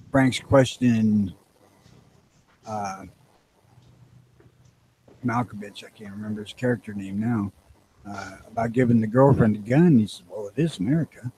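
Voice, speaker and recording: A man's voice: fairly low pitch, dark tone, a little hiss or hum, poor audio. A man co-hosting a casual podcast, blunt and profane, teasing his co-host.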